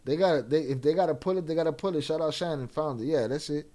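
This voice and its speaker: A man's voice: a little high, quick pace, warm tone. A man hosting a live stream, casually commenting and reading chat aloud in a blunt, profane way. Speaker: live-stream reaction host.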